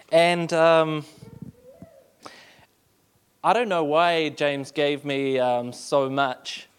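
A man's voice: fairly high pitch, a bit bright, smooth. A man preaching a sermon in a church, praying with passion and then explaining his text with many fillers. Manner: impassioned, rising prayer; hesitant, filler-heavy explaining. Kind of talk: sermon with prayer.

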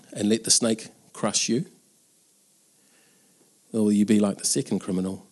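A man's voice: fairly low pitch, a little mellow. A man preaching an Easter sermon in an earnest, conversational way, with casual asides.

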